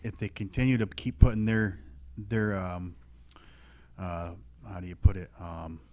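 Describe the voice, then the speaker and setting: Casual male racer, thirties, low voice, rambling and plainspoken. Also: measured pace, warm tone. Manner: plainspoken, rambling with many fillers. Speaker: local stock car driver. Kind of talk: casual radio talk.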